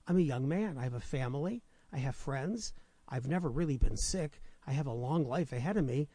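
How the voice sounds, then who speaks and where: A man's voice: medium pitch, expressive, a little fast, dark tone, husky, no echo. A man voicing a middle-aged man pleading with God in a told joke. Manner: pleading, indignant.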